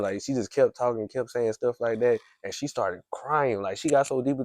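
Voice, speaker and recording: A man's voice: medium pitch, fairly quick, few pauses, a little mellow, no echo. Podcast host man telling a story. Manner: rambling, heavy use of "like", frequent restarts. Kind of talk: casual storytelling chat.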